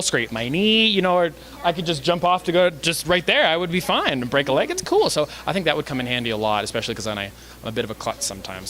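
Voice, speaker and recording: A man's voice: medium pitch, a bit bright. A young man from Canada, an actor being interviewed, friendly and easygoing, laughing often. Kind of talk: casual interview.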